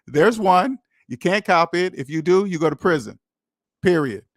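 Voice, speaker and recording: A man's voice: high voice, expressive, moderate pace, dry recording, clean studio sound. A man hosting a call-in money advice show, talking bluntly and preaching straight at his listeners in casual speech. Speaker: podcast host giving money advice.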